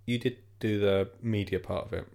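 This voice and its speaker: Gravelly man chatting casually. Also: on the low side, steady tone, moderate pace, a little mellow. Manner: rambling, jokey, lots of fillers. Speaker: podcast host. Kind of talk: casual chat.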